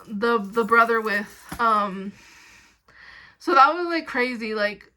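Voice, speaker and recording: Bright high-voiced young woman rambling. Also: expressive, slow. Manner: rambling, heavy use of "like"; indignant recounting. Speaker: vlogger. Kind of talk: casual storytelling.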